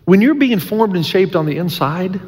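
A man's voice: high-pitched, animated, moderate pace, noisy background. A middle-aged male pastor preaching a sermon, earnest and emphatic, with folksy humor and repeated key lines. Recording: long church-hall reverb.

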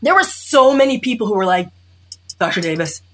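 Blunt, husky-voiced woman doctor. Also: high-pitched, quick pace. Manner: blunt, animated, sarcastic, acts out quotes. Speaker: OBGYN doctor, guest. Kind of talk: candid conversational interview.

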